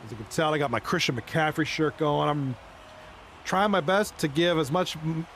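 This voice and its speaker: A man chatting casually on a live stream, rambling and excitable as he talks with viewers. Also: fairly high pitch, normal speed, slight background noise. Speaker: live streamer and league commentator.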